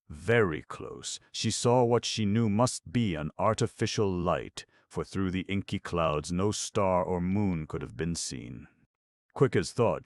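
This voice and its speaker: A man narrating an old melodrama novel as an audiobook, in a measured, dramatic way. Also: low-pitched, vocal fry, no room sound, studio quality.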